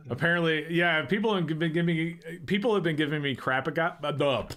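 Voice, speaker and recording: A man hosting a casual livestream chat, relaxed and thinking aloud as he talks. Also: fairly high pitch, moderate pace. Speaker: livestream host.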